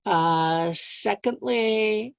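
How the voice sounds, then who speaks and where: A woman hosting an interview, giving her commentary slowly and deliberately. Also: mid-range voice, creaky, no room sound. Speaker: host. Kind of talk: conversational interview. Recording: slightly dull, lo-fi sound.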